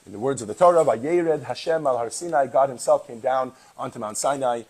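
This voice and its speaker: A man with a New York accent teaches a class in a chatty, joking way. His voice is husky, and he talks at an even, middling pitch. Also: fairly quick, low-quality recording. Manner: chatty, jokey. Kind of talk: classroom lesson.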